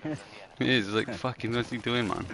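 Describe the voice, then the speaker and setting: A man's voice: medium pitch, moderate pace, vocal fry. A man streaming a shooter game live, swearing and bantering casually with a teammate. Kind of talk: casual gaming commentary. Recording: gameplay noise behind.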